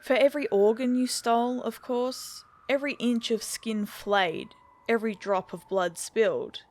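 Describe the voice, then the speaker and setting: A woman's voice: a little high, fairly even intonation, a little slow, a little mellow, natural voice. A woman voicing a bored, menacing man who cannot be killed, speaking with cool scorn. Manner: scornful, coolly threatening.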